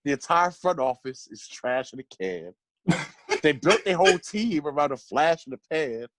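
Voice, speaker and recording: A man's voice: a little high, normal speed, slight background noise. A man co-hosting a casual podcast, laughing often and reading a comic rhyming poem with swagger. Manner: animated, laughs often, reads rhymes with swagger. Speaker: podcast co-host.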